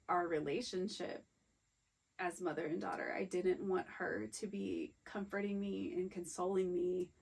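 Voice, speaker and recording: Husky, gravelly-voiced woman sharing candidly. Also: lowish voice, a little mellow, low-quality recording. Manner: candid, emotional, halting retelling. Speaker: podcast co-host. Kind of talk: personal storytelling in casual chat.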